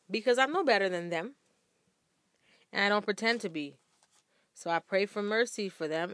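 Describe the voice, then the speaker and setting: A woman's voice: medium pitch, pushed and bright, no room sound, clean studio sound. A woman vlogger speaking earnestly and emphatically to her viewers from a room at home. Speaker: vlogger sharing workplace faith tips. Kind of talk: candid talk to camera.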